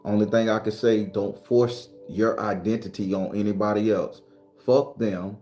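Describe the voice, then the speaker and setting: A spiritual live-stream host talks loosely and profanely to his viewers in a casual stream. His voice is warm and fairly low, with a steady tone and normal speed. The room has an echo, with faint music behind him.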